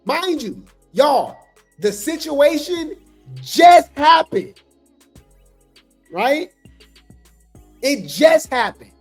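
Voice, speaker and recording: A woman's voice: high voice, big pitch swings, takes it slowly, pauses often, a little mellow, faint music behind. A woman hosting a casual gossip commentary livestream, talking straight to her viewers. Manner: chatty, talks straight to the viewers. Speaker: host of a gossip commentary show.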